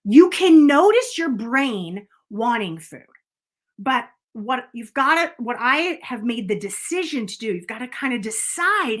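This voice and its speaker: A middle-aged woman speaking to camera as a coach, calm and earnest, often checking in with "okay?". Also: a little high, unhurried.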